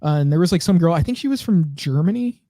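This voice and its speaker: Man, mellow voice, dry close sound, casual podcast chat, reading posts aloud. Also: on the high side, lively intonation, fast, no echo. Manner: reads posts aloud while scrolling, thinking out loud. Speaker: podcast co-host.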